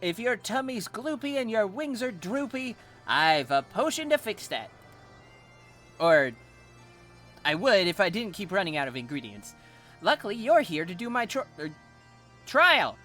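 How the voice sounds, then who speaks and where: A man's voice: sits high, pushed and bright, pitched above the performer's own voice, full character voice. A man voicing a fussy, boastful male moogle alchemist in a sing-song, theatrical way.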